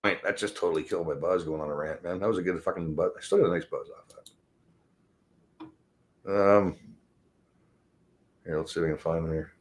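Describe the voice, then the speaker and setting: A man's voice: deep voice, fairly even intonation, a little fast, pauses often. A middle-aged man ranting in casual chat, profane and rambling, laughing as he talks. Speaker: podcast host.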